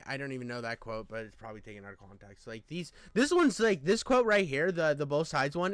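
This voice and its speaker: Reacting to a video, a young man launches into heated casual commentary that's profane, exasperated and riddled with fillers and restarts. His voice is medium-pitched, a bit bright and smooth, with no room sound.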